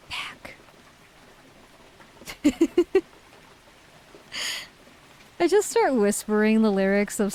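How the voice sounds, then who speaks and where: A woman's voice: high-pitched, a little mellow, rough recording. Giggly woman chatting with her stream. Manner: reads viewer messages aloud and giggles often. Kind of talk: casual stream chat.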